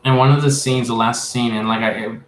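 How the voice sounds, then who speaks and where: A man's voice: mid-range voice, steady tone, a little hiss or hum. Rambling man giving a psychic reading. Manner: rambling, halting, many fillers. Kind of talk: casual spiritual reading. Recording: echoey room.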